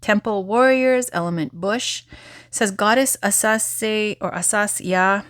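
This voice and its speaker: A woman's voice: medium pitch, takes it slowly, no echo, studio quality. A woman giving a tarot reading in a chatty, candid way, saying she is losing her voice. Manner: chatty, candid, lively asides. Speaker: tarot reader. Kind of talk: tarot reading and guided affirmation.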